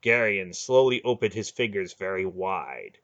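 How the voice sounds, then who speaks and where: A man narrating a fantasy audiobook in a lively, expressive reading. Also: sits low, unhurried. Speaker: audiobook reader. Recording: dull lo-fi home recording.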